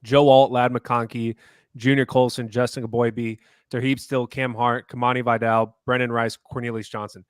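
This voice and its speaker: A man co-hosting a sports podcast, talking in an animated, indignant way in casual chat. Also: medium pitch, moderate pace, smooth, no room sound. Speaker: podcast co-host.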